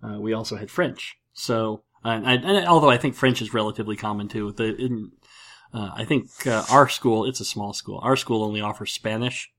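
A man's voice: fairly low pitch, normal speed, fairly bright tone. Middle-aged male podcast host from upstate New York, casual and rambling, with a joking, storytelling delivery. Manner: rambling, jokey storyteller with many restarts.

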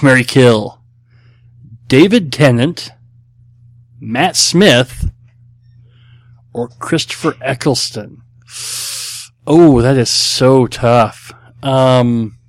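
A man's voice: mid-range voice, gravelly, no room sound. A middle-aged man hosting a podcast, answering listener questions in a casual, blunt, rambling way with many fillers. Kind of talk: casual chat.

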